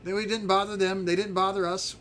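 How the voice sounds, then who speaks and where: A man voicing a small boastful male dragon creature who rambles excitedly. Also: high-pitched, fairly quick, slight background noise, pitched above the performer's own voice. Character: boastful little male dragon, kobold-like, chatty.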